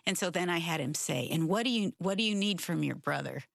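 Low-voiced mother telling a story. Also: lively intonation, fairly quick, creaky, no echo, studio quality. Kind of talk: casual storytelling.

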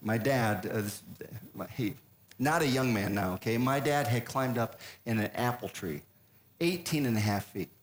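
Pria lebih tua bercerita jenaka. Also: male voice, medium pitch. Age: older. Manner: folksy, self-interrupting, deadpan punchlines. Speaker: speaker. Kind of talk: humorous storytelling talk. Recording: echoey room with faint noise.

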